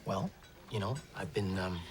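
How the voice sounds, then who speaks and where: A man's voice: low-pitched, moderate pace, slight background noise, lightly acted. A man acting a bumbling, evasive boyfriend in a sitcom.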